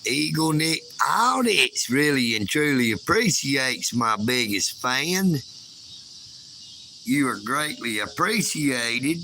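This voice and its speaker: A man's voice: mid-range voice, big pitch swings, slow, vocal fry, bright, forceful tone, a little hiss or hum. A man, chatting casually and folksily on a livestream outdoors at night. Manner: folksy, calls himself a hillbilly. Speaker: livestream host.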